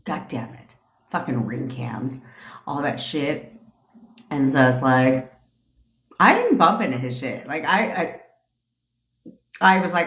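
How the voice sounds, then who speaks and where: A woman's voice: on the low side, lively intonation, normal speed, pauses often, a bit bright. A woman in her forties, a manifestation coach, telling a story on a livestream in a blunt, profane way, laughing often. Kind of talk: casual storytelling rant on a livestream. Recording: roomy echo.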